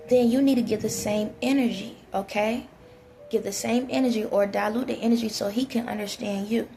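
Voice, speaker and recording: A woman vlogger giving relationship advice, talking bluntly and directly to her viewers in a casual way. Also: on the high side.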